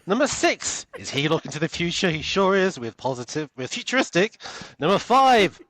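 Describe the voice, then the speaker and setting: A man's voice: high-pitched, very animated, normal speed, a bit bright, dry recording, pitched above the performer's own voice. A British man putting on the voice of a hyped radio countdown announcer, with punchy, showy delivery.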